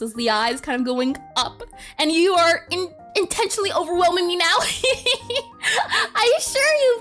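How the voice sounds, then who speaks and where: A woman's voice: high-pitched, fairly bright tone. A woman streaming as she draws, chatting casually, reading chat aloud and giggling often. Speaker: art streamer. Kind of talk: casual live-stream chat while drawing.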